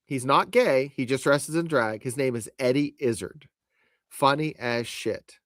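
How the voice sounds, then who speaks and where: A man's voice: mid-range voice, a little slow, a bit bright, no echo. Laid-back man in dry close sound. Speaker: podcast co-host. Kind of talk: casual podcast chat.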